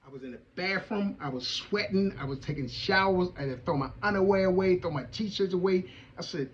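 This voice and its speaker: A man's voice: high-pitched, brisk, highs cut off, a little hiss or hum. Emphatic man telling his story. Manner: animated, emphatic storytelling in casual vernacular. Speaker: veterans' advocate hosting a show. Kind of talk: personal testimony to an audience.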